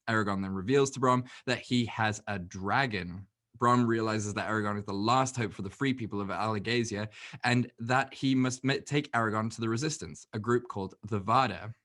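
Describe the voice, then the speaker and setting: A man co-hosting a movie podcast, recapping a film plot in casual, animated chat and swearing freely. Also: on the low side, a little fast. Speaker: podcast co-host.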